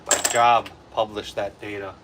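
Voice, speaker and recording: A low-voiced man from Wisconsin, USA, with a Wisconsin accent hosts a casual livestream while reloading ammo. He speaks at normal speed in a relaxed, rambling way, answering chat comments over a noisy background.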